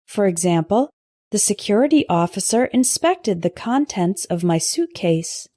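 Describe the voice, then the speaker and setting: A woman teaching English vocabulary in a scripted lesson, pronouncing word pairs slowly and carefully for learners to repeat. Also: medium pitch, animated, warm tone, dry recording, studio quality. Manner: slow, careful pronunciation drills.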